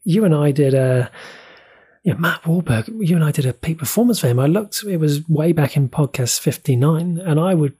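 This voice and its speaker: A man co-hosting a film podcast, speaking in a measured, reflective way with some hesitations. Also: a little high, warm tone, breathy edge. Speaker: podcast co-host. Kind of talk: casual film discussion.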